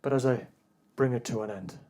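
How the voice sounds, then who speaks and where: A man giving a religious sermon, moving from soft storytelling to a loud, grieving, high-pitched recitation. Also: fairly quick. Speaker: preacher. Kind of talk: Muharram sermon, rising to impassioned chanting.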